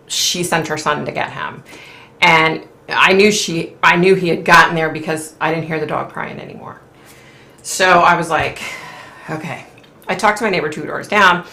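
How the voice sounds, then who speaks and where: A woman's voice: deep voice, vocal fry, pushed and bright. A middle-aged woman hosting a casual chat, telling a story to her viewers with frequent sighs. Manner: chatty storytelling, sighs often. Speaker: channel host.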